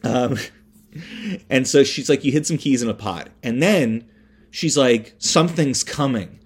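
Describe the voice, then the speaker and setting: A man hosting a podcast, recapping a film in a rambling, animated way, with many fillers, restarts and swear words. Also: mid-range voice, unhurried, breathy edge. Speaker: podcast host. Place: indoors, construction noise nearby.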